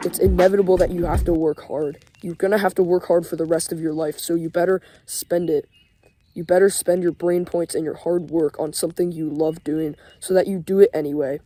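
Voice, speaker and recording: A man's voice: sits high, dark tone. Young man ranting profanely over music. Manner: profane, emphatic, heavy use of 'like' fillers. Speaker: motivational vlogger. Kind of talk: casual motivational rant. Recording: voice over clear background music.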